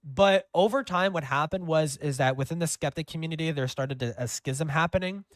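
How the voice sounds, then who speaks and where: A man's voice: on the high side, a little fast, dry recording, clean studio sound. A man hosting a livestream in casual chat, rambling with lots of fillers and swearing. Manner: rambling, profane, with many fillers. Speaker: streamer host.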